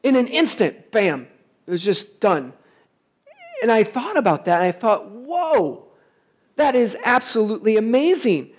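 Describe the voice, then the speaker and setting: A man preaching a sermon to his congregation as their pastor, emphatic and quick to put rhetorical questions to the room. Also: sits high, sing-song. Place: church service, also streamed online.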